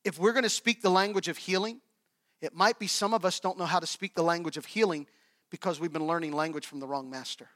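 Male preacher, high pitch, storytelling sermon that goes loud then hushed, asks the room questions. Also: quick pace. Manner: asks the congregation rhetorical questions. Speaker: pastor.

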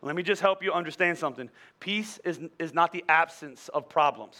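Male pastor, high bright voice, lively storytelling sermon. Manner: animated storytelling with many restarts.

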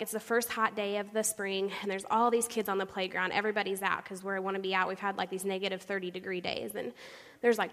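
A young woman giving a personal testimony to a church congregation, animated and storytelling, acting out the people she quotes. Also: medium pitch. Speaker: church speaker sharing her testimony. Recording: long hall reverb.

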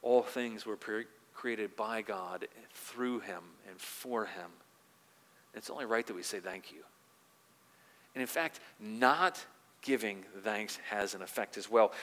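A male pastor preaching a sermon with earnest conviction. His voice is bright and forceful. He grows loud when quoting scripture and drops soft on reflective points, all in a long-reverb hall. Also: mid-range voice.

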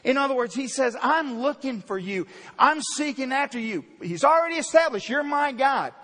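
A man preaching a sermon, emphatic and repetitive, swinging between loud declarations and quiet storytelling in a church. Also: extremely high pitch, animated, moderate pace. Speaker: pastor. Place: church sanctuary. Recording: long hall reverb.

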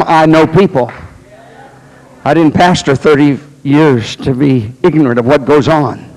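An older man, a pastor, preaching a sermon that swings from plain storytelling to loud, shouted exhortation. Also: a little high, low-quality recording. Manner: builds from conversational to shouting exhortation. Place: church.

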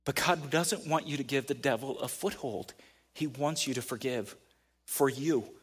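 A man's voice: medium pitch, normal speed, breathy edge. A man preaching a sermon in a conversational way, building to emphatic peaks. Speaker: pastor.

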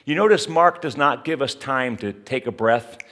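A male pastor giving a sermon in an animated, conversational way, turning to his listeners with asides. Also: medium pitch, moderate pace, slight background noise.

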